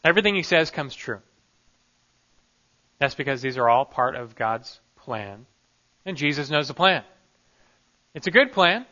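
A man's voice: mid-range voice, very animated, unhurried, long pauses, bright, forceful tone, dull audio. A man preaching a sermon on a Bible passage, emphatic and full of rhetorical questions.

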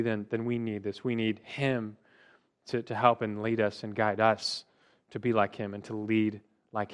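A man's voice: medium pitch, fairly bright tone. A man teaching a Bible lesson to a class, earnest, asking questions and often repeating words as he goes.

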